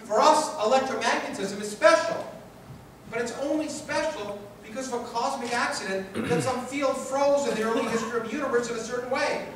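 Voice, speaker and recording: A man with a Canadian accent gives a public lecture in a large hall, reading from his book in an emphatic, rhetorical style that builds phrases through repetition. His voice is very high, brisk and fairly bright. The echoey hall is recorded from a distance, with a little hiss or hum.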